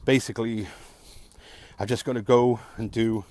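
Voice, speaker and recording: A man's voice: medium pitch, fairly even intonation, moderate pace, darkish tone, dry recording. A man talking alone to camera in a frustrated, sarcastic rant, swearing often. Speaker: vlogger. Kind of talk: ranting vlog monologue.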